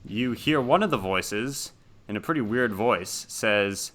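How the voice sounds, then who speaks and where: A man's voice: on the low side, animated, a little slow, a bit bright. A man narrating a tabletop horror game as game master, casual, with laughing asides and many ums.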